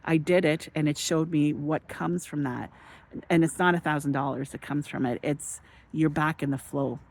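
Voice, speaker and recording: Speaking with a low pitch and vocal fry, a woman tells a story in a casual vlog; she starts in excited, animated bursts, then eases into slower, reflective spiritual thoughts.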